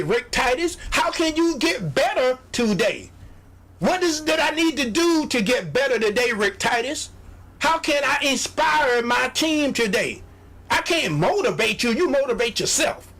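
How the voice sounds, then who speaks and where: A man with a strikingly high-pitched voice gives a motivational sales pep talk as a radio show host. He exhorts his listeners like a preacher, repeats phrases over and over, and mocks doubters in put-on voices. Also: pushed and bright.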